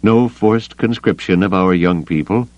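A man's voice: low voice, a little slow, darkish tone, dry recording, muffled recording, pitched above the performer's own voice. A man voicing a nervous alien planetary leader with a slightly quavering voice. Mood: wary pleading.

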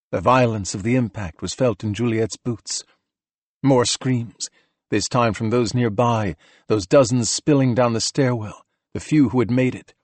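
A man narrating an audiobook in a steady, measured reading voice. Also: mid-range voice, no room sound. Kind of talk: scripted narration.

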